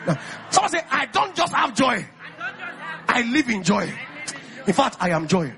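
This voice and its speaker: A Nigerian man from Ekiti preaching an exuberant sermon, calling out to the congregation and often shouting. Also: very high-pitched, big pitch swings, normal speed, creaky, a crowd in the background. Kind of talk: lively sermon.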